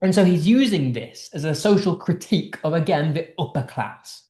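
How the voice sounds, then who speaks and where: A man's voice: fairly high pitch, expressive, moderate pace, warm tone, reverberant. A man teaching English literature in a casual online lesson, explaining a text line by line in a chatty way with restarts, from the United Kingdom.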